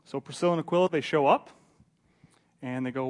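A man with a slightly higher voice leads a relaxed Bible study. He is chatty and joking, stumbles over repeated words, and acts out the scenes as he tells them. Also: fairly quick. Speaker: Bible teacher. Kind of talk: casual Bible study teaching.

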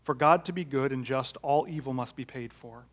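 A man preaching a sermon in a conversational way, with rhetorical questions, that rises to loud emphatic peaks and drops to hushed, low lines. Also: moderate pace. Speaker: pastor.

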